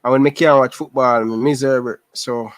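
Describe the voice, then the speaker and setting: A man's voice: medium pitch, fairly even intonation, fairly quick, no room sound. A man with a Jamaican accent, chatting casually with viewers on a livestream, repeating himself and calling out viewers by name. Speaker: livestream host. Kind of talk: casual live chat. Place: living in Canada.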